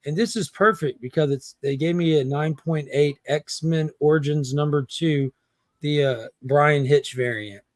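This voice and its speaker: Guy telling a funny con haggling story, slightly high voice, dry close sound. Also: measured pace, no room sound. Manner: animated, acts out quotes, haggling banter. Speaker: comic collector guest. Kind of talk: casual storytelling chat.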